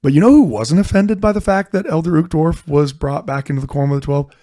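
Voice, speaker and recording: A middle-aged man, a podcast co-host, talking through history in an earnest, animated way. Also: a little high, fast talker, dry recording, clean studio sound. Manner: earnest, animated, frequent restarts. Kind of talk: casual history discussion.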